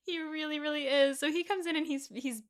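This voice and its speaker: A woman co-hosting a casual book discussion, retelling scenes in a chatty, animated way. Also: high voice, fairly quick. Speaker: podcast co-host.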